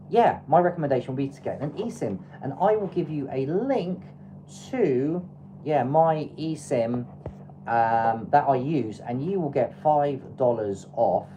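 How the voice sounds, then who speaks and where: A woman's voice: very deep voice, slow pace, mellow, slight background noise, low-quality recording. A woman from England with an English accent, hosting a travel livestream in a loose, chatty, advice-giving way with plenty of fillers. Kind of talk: casual livestream chat.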